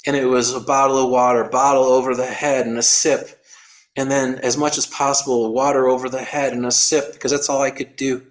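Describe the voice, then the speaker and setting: A man with a middle-pitched voice recounts an endurance race in an interview. He often restarts and repeats his words, and he explains things in a careful, technical way. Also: level tone, a little fast. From United States. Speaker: endurance athlete guest. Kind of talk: storytelling interview.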